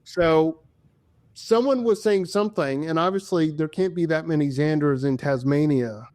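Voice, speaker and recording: Enthusiastic man with a higher voice. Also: moderate pace, dry recording, clean studio sound. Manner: enthusiastic, lively storyteller acting out dialogue. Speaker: podcast guest. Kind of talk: casual storytelling in an interview.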